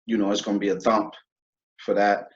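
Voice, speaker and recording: A man's voice: fairly low pitch, level tone, fairly quick, lo-fi sound. A man hosting an interview show, speaking in an earnest, conversational way with fillers. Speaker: host. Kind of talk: podcast interview.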